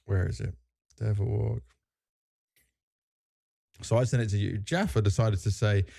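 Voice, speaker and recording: A man's voice: fairly low pitch, steady tone, measured pace, vocal fry, pauses often, dark tone. A man hosting a casual podcast, chatty and joking as he leads the conversation. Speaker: podcast host.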